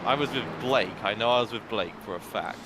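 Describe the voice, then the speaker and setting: A man's voice: fairly low pitch, brisk, noisy background. A man chatting with his teammates while driving in a sim race, a little anxious about his lap times. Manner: animated, slightly anxious about his pace. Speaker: sim racing driver. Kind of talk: casual voice chat while driving.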